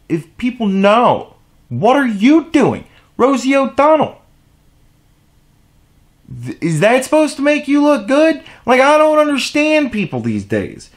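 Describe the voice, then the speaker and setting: A young man hosting his own podcast, ranting about a scandal, profane and heated, swinging from loud indignation to low muttering. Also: creaky. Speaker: podcast host. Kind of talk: solo opinion rant.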